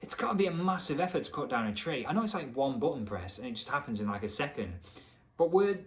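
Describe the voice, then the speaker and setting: A man rants sarcastically about a video game in comedic commentary. His voice sits in a middling register but leaps high whenever he gets exasperated. The delivery is swearing, incredulous and full of mock outrage. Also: big pitch swings, quick pace. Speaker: video essay host.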